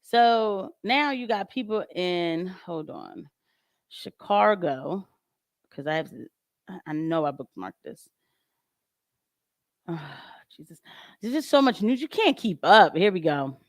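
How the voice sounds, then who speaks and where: A woman's voice: lowish voice, animated, slow, long pauses, no room sound, clean studio sound. A young adult woman hosting a casual commentary livestream, blunt and sarcastic, often laughing as she talks. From of Haitian descent. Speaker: show host.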